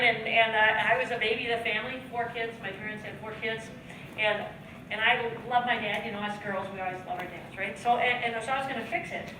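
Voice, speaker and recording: Chatty American woman in an echoey hall. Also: a little high. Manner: jokey and chatty, laughing at her own lines. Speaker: guest speaker and trainer. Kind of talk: seminar talk to a live audience. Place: large hall with an audience. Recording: echoey hall, distant mic, audience noise.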